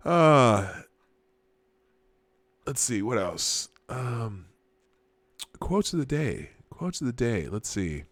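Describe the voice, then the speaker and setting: A man's voice: medium pitch, sing-song, extremely slow, pauses often, no echo. Sarcastic Minnesotan man hosting a live stream. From Minnesota, USA. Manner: chuckling, sarcastic asides, frequent filler restarts. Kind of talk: casual live commentary reading chat and news.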